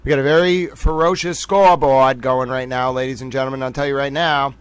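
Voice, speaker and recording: A man hosting a casual live stream, joking loudly with his chat and drawing out playful asides. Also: medium pitch, fairly even intonation, clear, resonant tone, no room sound. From United States. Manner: jokey, loud, drawn-out playful asides. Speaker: livestream host. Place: home studio in Boston.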